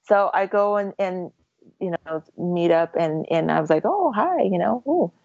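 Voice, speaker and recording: A woman telling a long story in casual chat, rambling and animated, with many fillers and restarts. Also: lowish voice, moderate pace, creaky, dry recording, highs cut off.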